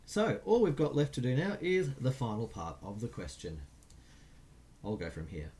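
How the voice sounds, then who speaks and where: A man's voice: mid-range voice, wildly swooping pitch, normal speed, dark tone. A man teaching a recorded music lesson, counting beats aloud and chanting rhythm syllables while writing notes.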